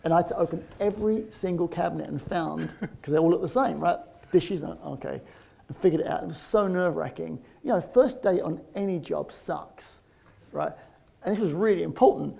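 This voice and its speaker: A man in his fifties with a London accent, telling a personal story in a lively, animated way and often laughing as he talks. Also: fairly high pitch, fairly quick, gravelly. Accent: London English. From England (London).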